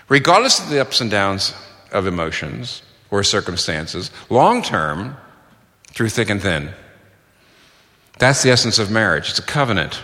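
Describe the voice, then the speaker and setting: A middle-aged man preaches a sermon earnestly and emphatically, quoting sources and repeating key phrases for stress. His mid-range voice has a sharp tone, and the recording carries a long hall reverb.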